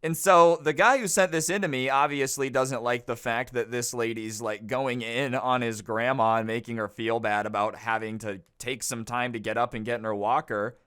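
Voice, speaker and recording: A man's voice: medium pitch, steady tone, normal speed, few pauses, a bit bright, clean tone. A man narrating a reader-submitted story in a casual, sarcastic storytime commentary, rambling with lots of fillers. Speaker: YouTube storyteller.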